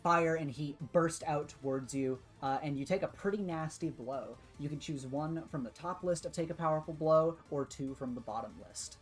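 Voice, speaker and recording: Low-voiced young woman game master. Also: moderate pace, few pauses, faint music behind. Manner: casual, laughs often, hesitant fillers. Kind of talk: narrating a tabletop game.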